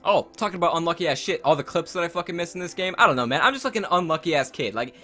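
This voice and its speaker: Brief: young male gamer, quick and bright, profane rambling storyteller, faint music behind. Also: a little high, lively intonation. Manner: profane, rambling, loud outbursts. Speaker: gaming YouTuber. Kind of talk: storytelling over gameplay.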